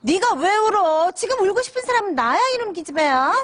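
An actress playing an exasperated woman who scolds a crying girl in a TV drama, shrill and sobbing as she snaps. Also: very animated, very fast. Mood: exasperated scolding. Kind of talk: Korean TV drama acting. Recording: drama clip with clear background noise.

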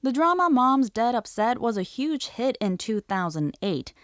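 Clear, deliberate woman language-lesson host. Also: a little high, big pitch swings, no room sound, studio quality. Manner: clear, deliberate, repeats example phrases slowly.

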